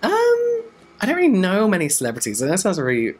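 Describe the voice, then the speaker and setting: A man's voice: sits high, huge pitch swings, fast, husky. A young man with a Southern English accent answering viewer questions in a casual, rambling vlog, full of asides and "like". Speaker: beauty YouTuber.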